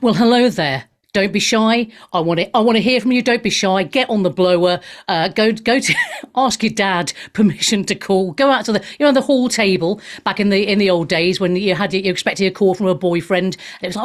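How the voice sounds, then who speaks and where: A middle-aged woman from Wales hosting a talk radio show, sarcastic, profane and animated as she rants into a studio mic. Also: medium pitch, moderate pace.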